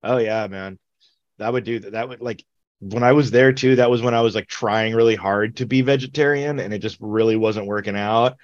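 A man's voice: fairly low pitch, steady tone, fairly quick, no echo, highs cut off. A man in casual chat, telling rambling stories full of swearing and laughs. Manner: rambling, profane storytelling with laughs. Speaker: podcast co-host.

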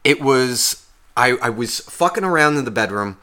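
A man's voice: medium pitch, animated, moderate pace, pushed and bright. A young man co-hosting a podcast, telling a long story in a heated, swearing casual rant. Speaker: podcast co-host.

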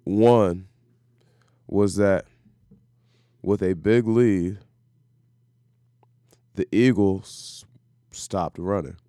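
A man co-hosting a sports talk show, speaking in a calm, measured, analytical way. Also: low voice, no room sound, clean studio sound.

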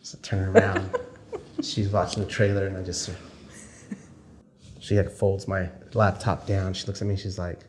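A man's voice: deep voice, slight background noise. A male film director telling a story casually, acting out the conversations he quotes. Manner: animated, acts out dialogue in quick quoted exchanges.

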